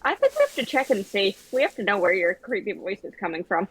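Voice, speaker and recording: A woman playing in a tabletop game, chatting casually with playful, deadpan complaints. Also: medium pitch, quick pace, slight background noise, poor audio. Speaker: player.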